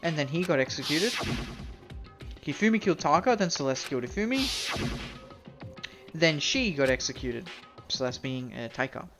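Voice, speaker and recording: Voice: mid-range voice, big pitch swings, normal speed, long pauses, music in the background. Rambling self-mocking streamer from Canada. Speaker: game streamer. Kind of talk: casual live-stream chat.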